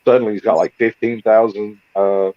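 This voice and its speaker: A man's voice: lowish voice, level tone, moderate pace, no echo. A man chatting casually on a live stream call, easygoing and chatty, telling stories with plenty of fillers. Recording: dull lo-fi dry sound.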